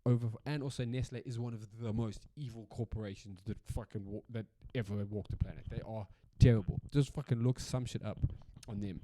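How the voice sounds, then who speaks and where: A man's voice: lowish voice, fairly even intonation, brisk, few pauses, mellow, dry recording. A South African man hosting a solo podcast in a casual, rambling rant, swearing freely and repeating himself for emphasis. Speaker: podcast host.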